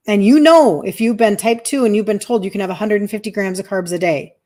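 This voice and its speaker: A woman's voice: mid-range voice, darkish tone. Blunt, emphatic woman health coach. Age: 50s. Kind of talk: live stream talk.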